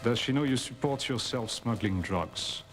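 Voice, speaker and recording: A man's voice: medium pitch, moderate pace, close to an everyday voice. A man playing a cold drug-smuggling boss. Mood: menacing. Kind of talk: 1990s soap opera acting.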